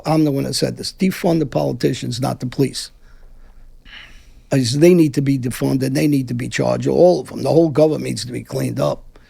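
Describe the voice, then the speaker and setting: A man's voice: fairly high pitch, vocal fry, warm tone, breathy edge. A man from Brooklyn, speaking bluntly and combatively with frequent profanity as a guest in an interview. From Brooklyn, New York. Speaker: guest, former mafia figure. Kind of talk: casual interview talk.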